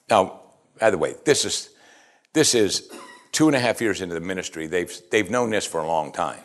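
A low-voiced man preaches at a moderate pace, stopping often to pause. He keeps things conversational, posing rhetorical questions and rising now and then into energetic emphasis.

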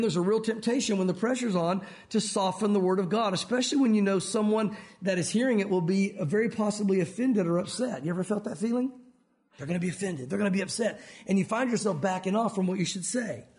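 A man preaching a sermon in a conversational, joking way, leaning on emphatic pauses to stress his points. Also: high voice, darkish tone. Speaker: pastor.

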